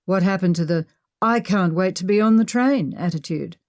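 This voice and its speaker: A woman's voice: lowish voice, normal speed, darkish tone, no room sound, lightly acted. A woman reading the part of a teasing, wry male adventurer in an audiobook, with a dry manner.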